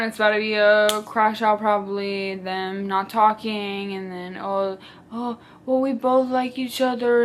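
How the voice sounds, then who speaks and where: A young woman chatting casually as a book vlogger, animated and dramatic, with lots of filler "like"s. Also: on the high side, slight background noise. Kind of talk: casual chat.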